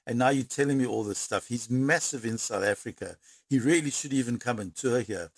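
A man recounting a story in an interview, animated, speeding up in bursts and repeating words. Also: mid-range voice, fairly quick, slightly rough, dry recording.

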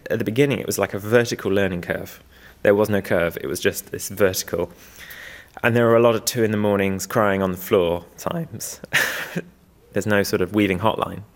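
A man's voice: fairly low pitch, fairly even intonation, normal speed. A man who weaves and restores old looms, talking in a documentary interview in a rambling, self-deprecating way with small chuckles.

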